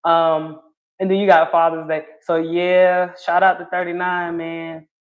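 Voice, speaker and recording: A woman's voice: on the low side, level tone, a little slow. A woman from North Carolina, hosting a livestream. She chats casually, answers viewer comments and laughs often. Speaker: livestream host reading chat. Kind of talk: casual opinion chat. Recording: dull lo-fi stream audio.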